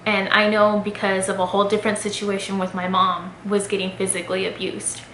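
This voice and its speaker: A woman's voice: medium pitch, monotone, brisk, a bit bright. A young adult woman vlogger telling a personal story to her viewers in a candid, conversational way, full of fillers. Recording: echoey room with faint noise.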